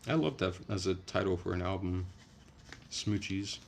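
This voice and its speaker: A young man on a casual late-night livestream, reading chat and rambling in a relaxed, soft-spoken way. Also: low voice, normal speed, creaky, slight background noise.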